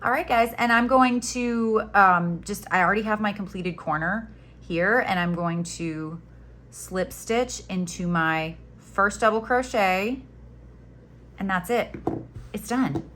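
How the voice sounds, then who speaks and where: A woman's voice: medium pitch, slow pace, fairly bright tone, slight background noise. A woman from the Florida Panhandle with a light Southern accent, chatting her way through a crochet tutorial step by step and throwing in jokes along the way. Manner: chatty, joking asides, guides step by step. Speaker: crochet instructor.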